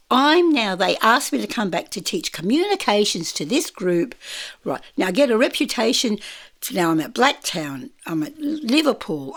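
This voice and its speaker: An older Australian woman telling her life story in an interview, animated, acting out the voices of people in her stories, with some casual swearing. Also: mid-range voice. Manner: animated, acts out quoted voices, mild swearing. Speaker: interview guest. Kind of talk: storytelling in conversation.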